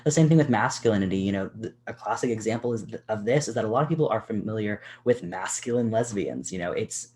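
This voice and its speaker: Low-voiced man giving a casual workshop talk. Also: animated, quick pace, a little mellow, slight background noise. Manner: casual, chatty, many "you know" fillers; gestures a lot with his hands while talking. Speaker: workshop presenter. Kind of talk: educational workshop talk to camera. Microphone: recorded for a video.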